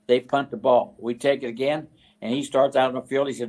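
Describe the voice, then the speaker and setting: An older man from West Virginia, a retired football coach, telling stories as a guest in an interview, halting and full of fillers and restarts. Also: mid-range voice, fairly even intonation, darkish tone. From West Virginia, USA. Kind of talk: storytelling interview.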